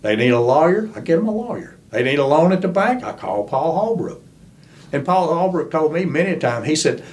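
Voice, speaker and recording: An older man, telling animated, folksy stories as a guest in a podcast interview. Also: on the high side, a little fast. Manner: folksy, animated storyteller who acts out quoted voices. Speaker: interview guest, former crew chief.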